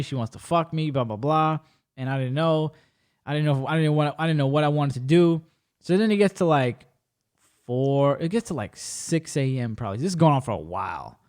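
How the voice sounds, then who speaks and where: Podcast host, man, fairly high voice, animated and foul-mouthed storyteller. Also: brisk. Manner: animated, acts out quoted dialogue with shifting voice; profane and blunt. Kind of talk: casual storytelling chat.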